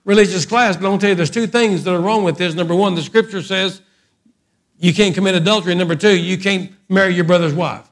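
A man's voice: sits high, fast talker, voice pushed up. A man voicing a blunt, plain-spoken prophet who lays out a rebuke point by point. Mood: stern.

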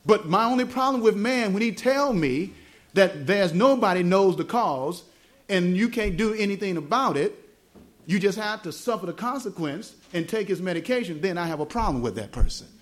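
A man's voice: sits high, expressive. A man with a Southern US accent preaching a teaching sermon at a fellowship meeting, spelling out words and asking the congregation questions. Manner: asks the congregation questions, explains words slowly. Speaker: gospel evangelist. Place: small church fellowship meeting.

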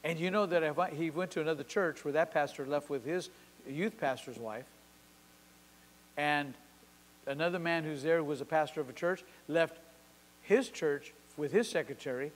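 Forceful preacher man in a reverberant hall. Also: fairly high pitch, moderate pace. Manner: forceful, emphatic preaching with repeated short declarations. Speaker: pastor. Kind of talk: sermon.

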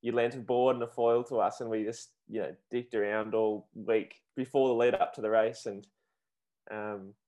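A man hosting a podcast, chatting in a relaxed way about his own memories. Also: fairly low pitch, normal speed. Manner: relaxed, rambling, with many fillers. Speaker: podcast host. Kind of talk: casual chat.

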